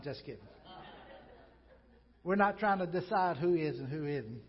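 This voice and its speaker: A man preaching a sermon as pastor, conversational and emphatic, moving from loud emphasis to quiet reflection, with joking asides. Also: on the high side, normal speed, highs cut off.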